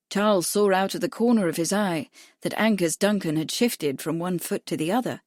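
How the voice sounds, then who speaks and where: A woman's voice: on the low side, normal speed, a little mellow, no room sound. Woman narrating in a dry, close voice. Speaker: audiobook narrator. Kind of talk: scripted narration.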